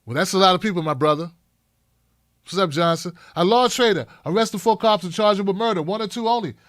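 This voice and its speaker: A man's voice: high voice, a little fast, fairly bright tone, no echo, clean studio sound. Fired-up man hosting a live show. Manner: fired-up, blunt, profane, talking to chat by name. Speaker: show host reading live chat. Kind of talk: live-stream talk show commentary.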